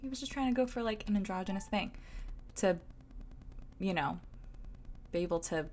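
A woman's voice: mid-range voice, animated, normal speed, a little mellow, slight background noise. A young woman with a Southern US accent, chatting and giggling casually while streaming a game. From Southern United States. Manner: chatty and giggly, lots of "like" fillers. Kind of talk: casual gameplay commentary.

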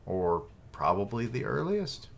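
A man's voice: fairly low pitch, big pitch swings, measured pace, vocal fry. A man streaming a live reaction, reading and commenting casually with many hesitations. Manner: hesitant, with fillers and asides.

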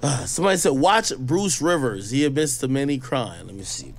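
A man who comments online reads the news aloud, then veers off into chatty, skeptical asides full of slang. His voice is medium in pitch, expressive and a little fast.

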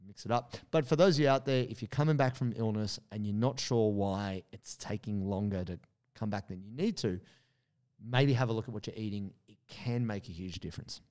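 A man's voice: on the low side, brisk, darkish tone. A man, telling a story in casual podcast chat with many fillers and quoted asides. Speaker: podcast co-host.

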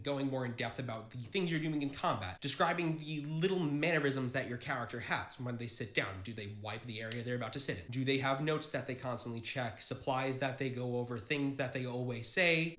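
A man's voice: mid-range voice, fairly bright tone. Earnest man explaining roleplay, roomy echo. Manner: earnest, encouraging, talks straight to viewers. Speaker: tabletop gaming channel host. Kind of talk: explainer monologue to camera.

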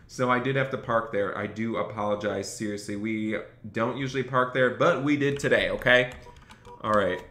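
A man's voice: mid-range voice, moderate pace, a bit bright, roomy sound, a little hiss or hum. A man streaming a role-play game, chatting with viewers, thanking donors and getting flustered as he serves customers. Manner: chatty, reads out viewer donations, gets flustered and overwhelmed. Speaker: gaming streamer. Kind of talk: live-stream commentary while role-playing a restaurant worker.

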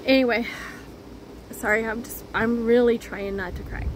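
A woman chatting earnestly to her viewers as a crochet vlogger, halting and restarting as she goes. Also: fairly high pitch, steady tone, noisy background. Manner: earnest, heartfelt. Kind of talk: casual chat to viewers.

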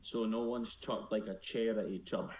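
A man's voice: lowish voice, fairly even intonation, normal speed, darkish tone, roomy sound. A man chatting casually on a live stream, joking and teasing himself. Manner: playful, joking, self-mocking.

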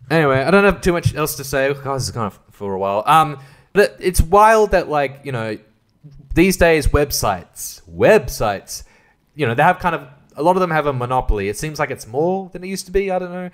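A man's voice: a little high, big pitch swings, normal speed. A man hosting a solo podcast, rambling through a casual, profane rant and laughing at his own jokes. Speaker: podcast host.

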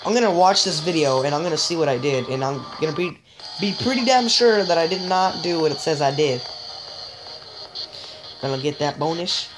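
Excitable woman gamer over loud game music. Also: normal speed, low-quality recording. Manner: joking, excitable, with sudden high yelps; chatty, talks straight to viewers. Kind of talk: casual let's-play commentary.

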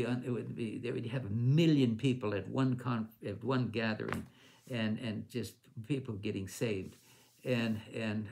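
An older man with a gravelly, creaky voice recounts a ministry story at a conference. He rambles and restarts his sentences, and his pitch sits in the middle range. His delivery is informal and conversational. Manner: rambling with restarts, acts out others' lines in raised voice.

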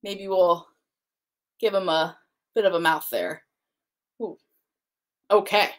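A woman's voice: sits high, a bit bright. A woman working as a children's librarian, hosting a kids' storytime in a library with drawing and booktalks. She asks the children lots of coaxing questions in a sing-song way.

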